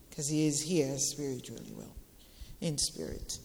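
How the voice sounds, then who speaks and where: A woman in her forties sharing an emotional personal testimony with a church gathering, halting and tearful, repeating phrases for emphasis. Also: a bass voice, a little mellow, long reverb tail.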